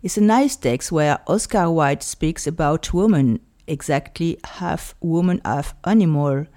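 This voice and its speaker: This French-accented woman hosts a podcast, delivering a monologue in a deep, mellow voice at a slightly slow pace. She speaks earnestly, picking her words carefully.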